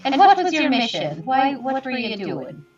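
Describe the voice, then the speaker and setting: Eager high-voiced woman, distant and roomy. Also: big pitch swings, moderate pace, darkish tone, soft background music. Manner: kind, eager, chatty. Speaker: player. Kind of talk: tabletop game role-play. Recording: roomy, distant, dull sound.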